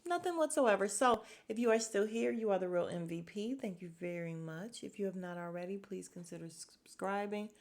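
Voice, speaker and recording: A woman's voice: medium pitch, animated, a little fast, few pauses, darkish tone. A woman hosting a casual podcast recap of a reality show, chatty and blunt, with an exasperated edge.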